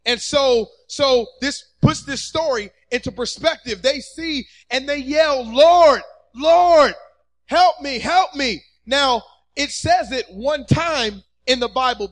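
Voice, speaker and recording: A fervent male preacher delivering a sermon from a church stage. His voice sits very high for a man, and he swings from quiet asides up to full shouts while acting out the people in his story. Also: low-quality recording. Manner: fervent, builds to shouting, acts out quotes.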